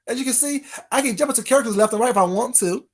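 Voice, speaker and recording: A man ranting in a casual vlog, sassy and animated, firing off rhetorical questions. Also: very high-pitched, racing. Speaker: vlogger.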